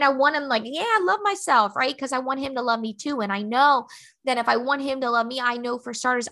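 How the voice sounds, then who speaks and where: A woman's voice: mid-range voice, pushed and bright. A woman in her thirties hosting a podcast, telling a personal story in a chatty way with many fillers and restarts. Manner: chatty, fast, lots of "like" and restarts. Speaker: podcast host.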